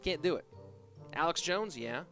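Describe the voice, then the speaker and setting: Man, esports caster, live commentary, chatty, slightly high voice, music underneath. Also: lively intonation, normal speed, sharp tone. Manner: chatty, reads and answers chat while casting.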